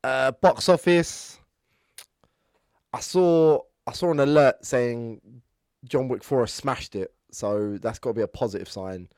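A man co-hosting a casual film podcast, thinking out loud and making dry jabs. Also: mid-range voice, a little slow, clean tone, dry recording. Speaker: podcast co-host.

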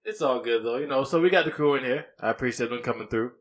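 A man's voice: mid-range voice, fast, a loud crowd. A man hosting a podcast in casual chat, laid-back and teasing, talking into a studio mic. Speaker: podcast host.

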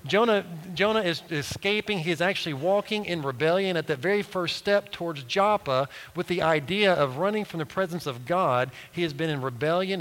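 A man's voice: a little high, a bit bright. Man preaching in a reverberant hall. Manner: storytelling with acted-out quotes and restarts. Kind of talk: sermon.

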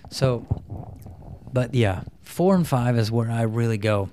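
A man's voice: medium pitch, animated, a little slow, a little hiss or hum. Man acting out parenting talks. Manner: acts out parent and child dialogue in a soft voice. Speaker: parenting coach guest. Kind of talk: casual interview chat.

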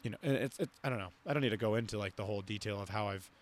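A young man hosts a podcast in a casual, rambling conversation full of fillers and restarts. He talks in rapid-fire bursts with a fairly low voice.

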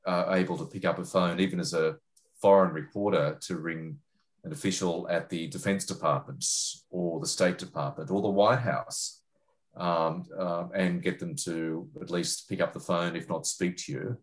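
A middle-aged Australian journalist answering interview questions, hesitant, with many fillers and restarts. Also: male voice, deep voice, steady tone, moderate pace. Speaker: journalist and foreign correspondent.

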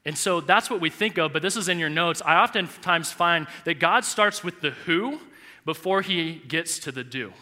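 Man, pastor, sermon, personal story, fairly high voice, reverberant church hall. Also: moderate pace. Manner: personal storytelling, animated and emotional at times.

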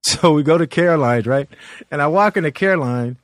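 A male comedian from Los Angeles telling stories on a podcast, animated and laughing often. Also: fairly high pitch, a little fast, dry recording, clean studio sound. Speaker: guest comedian. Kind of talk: storytelling on a podcast.

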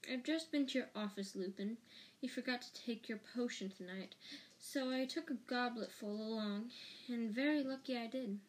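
A woman's voice: a little high, normal speed, natural voice, low-quality recording. A woman voicing a cold, spiteful male schoolteacher in an audiobook reading, with a sneering, clipped delivery. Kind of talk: audiobook character voice.

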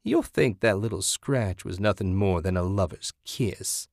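A man's voice: low voice, gravelly, a little mellow, no room sound, studio quality, full character voice. A man voicing a vicious, cackling backwoods woman who hisses taunts and threats in an audiobook. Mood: mocking. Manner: taunting, hissing, drawn-out menace.

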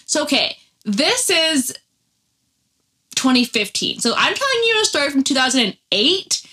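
A young woman casually telling a personal story, animated and swearing freely. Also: high voice, normal speed. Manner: animated, heavy swearing, laughs mid-story.

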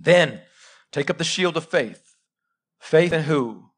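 A man in his thirties preaching a live sermon, swinging between loud urgent bursts and quiet, intimate asides and asking the congregation direct questions. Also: fairly high pitch, expressive, slow, slightly rough. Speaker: pastor.

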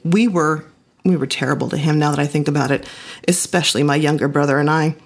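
Low, husky woman telling a story. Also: steady tone, fast talker. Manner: intimate, reflective. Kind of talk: first-person storytelling performance.

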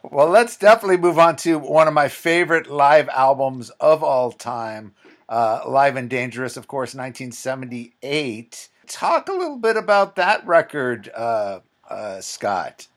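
A man's voice: medium pitch, animated, measured pace. A man hosting a podcast interview in a casual, enthusiastic way, talking like a fan. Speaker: podcast host.

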